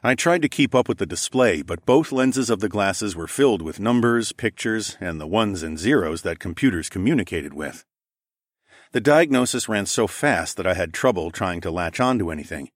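A man narrating a first-person audiobook in a casual, relaxed way. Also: lowish voice, normal speed, no room sound, clean studio sound.

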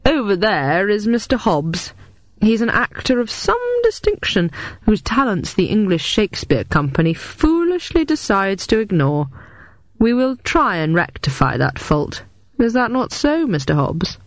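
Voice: medium pitch, huge pitch swings, unhurried, no room sound, pitched above the performer's own voice. A narrator voicing a pompous, theatrical male master criminal who savours each wicked word. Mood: mocking. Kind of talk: audiobook character voice.

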